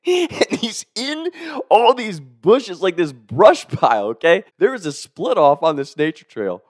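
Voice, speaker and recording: A man's voice: fairly high pitch, unhurried, no room sound, clean studio sound. A man casually telling a funny story, chuckling as he goes and swearing freely. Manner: chuckles through the telling, profane, animated.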